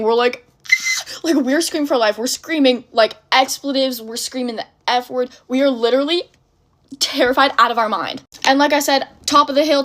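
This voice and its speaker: A young woman casually telling a dramatic story in an animated, breathless way, full of fillers. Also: on the high side.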